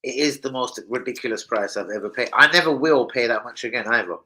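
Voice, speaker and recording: A London man with a London accent hosts a football channel, chatting casually on a live stream and telling rowdy stories full of swearing. He's loud and breaks into shouting, speaking quickly in a mid-range voice over poor audio.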